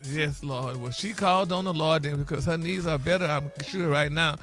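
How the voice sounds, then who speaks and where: A man's voice: fairly high pitch, normal speed, a bit bright, faint music behind. A man delivering a celebrity gossip segment on morning radio, flamboyant and theatrical, saying honey and y'all constantly.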